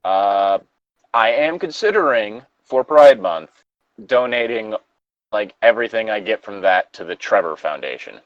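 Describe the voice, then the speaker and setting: A man's voice: fairly low pitch, lively intonation, no echo, lo-fi sound. A man hosting a podcast, reading a story with friends over an online call and joking sarcastically. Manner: sarcastic, quick to joke and laugh. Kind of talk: casual group reading with jokes.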